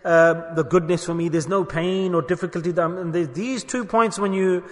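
A man preaching a sermon in an emphatic way, asking rhetorical questions and dropping to soft murmurs. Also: high-pitched, steady tone, moderate pace, long reverb tail.

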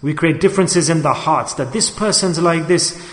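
A man with a high voice delivers an emphatic sermon. He repeats his points and keeps asking his listeners rhetorical questions. His voice rings through a hall with a long, roomy reverb. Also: normal speed. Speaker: preacher.

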